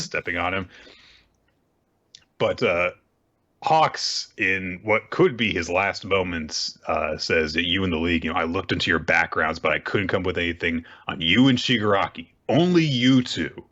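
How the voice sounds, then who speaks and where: A man with a deep voice, speaking at normal speed, co-hosts a casual manga recap podcast and the audio sounds dull. He tells the story with energy, reliving scenes and acting out the lines he quotes.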